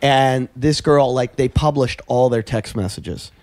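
A man's voice: medium pitch, unhurried, a little mellow, no echo. A man hosting casual chat, cracking crude jokes and cutting in with his own ideas. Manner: crude, joking, interrupts to push his own theory.

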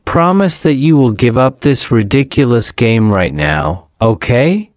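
A man doing a stern, exasperated middle-aged father who is quick to anger, issuing clipped commands at a very slow, deliberate pace. His voice has a mid-range pitch and comes through a dull, lo-fi, dry recording. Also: sing-song, dry recording.

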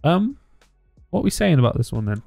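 A man co-hosting a podcast, relaxed and wisecracking in casual chat. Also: on the high side, brisk, gravelly, no room sound, clean studio sound, faint music behind. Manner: relaxed, wisecracking, laughs often. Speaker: podcast co-host.

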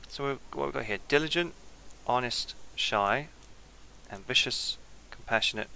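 A man's voice: medium pitch, moderate pace, vocal fry, pushed and bright. A man giving casual let's-play commentary on a strategy game, thinking aloud and trailing off mid-sentence. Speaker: gameplay commentator.

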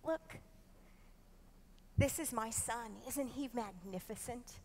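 Brief: woman doing a hushed, tender fatherly God, gentle and proud, voice sitting high. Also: slow, big-room sound, slight background noise. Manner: hushed, intimate, proudly showing off.

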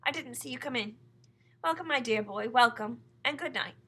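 A woman reading aloud, voicing a prim, sleepy female glowworm in a storybook, speaking slowly and coolly. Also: a little high, a bit bright, slight background noise, close to an everyday voice. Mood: sweet. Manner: cool, slow, prim.

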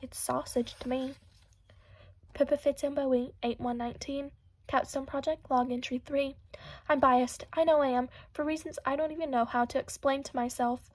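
Woman, audiobook narration, steady reading, high voice, dry close sound. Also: normal speed, dry recording. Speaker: audiobook reader.

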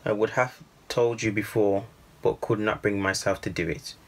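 A man reading the lines of a gentle, grieving foster father in a storybook. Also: lowish voice, steady tone, moderate pace. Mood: sorrowful. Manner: gentle and sorrowful.

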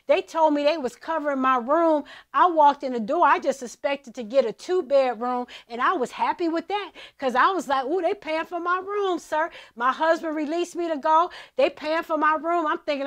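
Church first lady urging folks to give, high voice, keeps repeating herself, real emphatic preaching. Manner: emphatic, repetitive exhortation. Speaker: pastor's wife leading the offering. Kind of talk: sermon and offering appeal. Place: church service streamed online.

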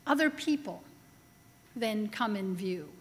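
A woman preaching a sermon in a chapel, telling a story with humor in a slow, deliberate way. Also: medium pitch, animated. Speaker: pastor. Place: large chapel. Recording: long reverb of a chapel hall.

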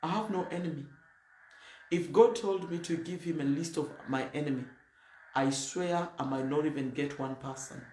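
A woman's voice: low voice, moderate pace, warm tone. A woman pastor preaching a sermon in a blunt, emphatic, plain-spoken way. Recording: roomy echo, faint noise.

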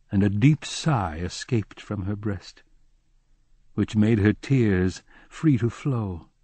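A man narrating a literary audiobook in a measured, somber first-person reading. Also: on the low side, mellow, dry recording.

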